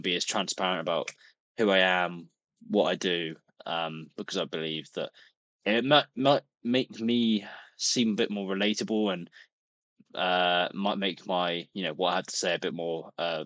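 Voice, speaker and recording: A man's voice: low voice, a bit bright, no room sound. A young man, talking casually to camera in a rambling, chatty vlog, full of restarts and the odd swear. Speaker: vlogger.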